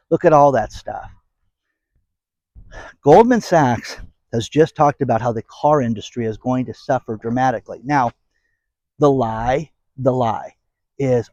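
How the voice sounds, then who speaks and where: A man's voice: medium pitch, a little mellow, no echo, lo-fi sound. A man hosting a casual commentary channel, rambling and sarcastic as he talks straight to his viewers. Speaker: host of an economy commentary channel.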